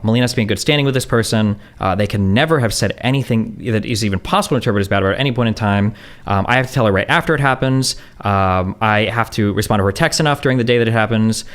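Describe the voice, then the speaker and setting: A man with a smooth, mid-range voice rambles casually through a monologue, answering chat questions. He talks rapidly and swears freely, leaning constantly on fillers like "like" and "um".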